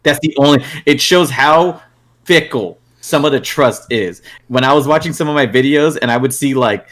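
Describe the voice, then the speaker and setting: A young man hosting a casual podcast among friends. He tells stories in an animated way, slips into quick impressions of his friends and laughs often. His pitch sits in an ordinary middle range. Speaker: podcast host. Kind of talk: casual chat.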